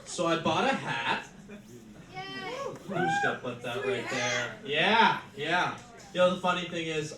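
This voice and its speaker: Wry male stand-up, lively delivery. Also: on the high side. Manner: wry, self-deprecating, laughs at own jokes. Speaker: comedian. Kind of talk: stand-up comedy. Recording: roomy live venue from a distance, background noise.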